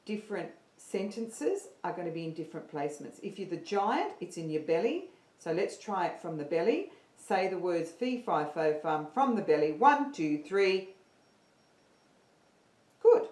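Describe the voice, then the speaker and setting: Animated woman teaching singing, echoey room. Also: mid-range voice. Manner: upbeat, counting in students, animated. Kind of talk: online singing lesson livestream.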